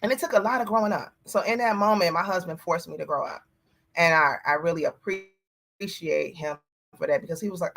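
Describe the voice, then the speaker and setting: Middle-aged woman guest, bright, candid and reflective, talk-show panelist telling a personal story. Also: lowish voice, a little fast, creaky.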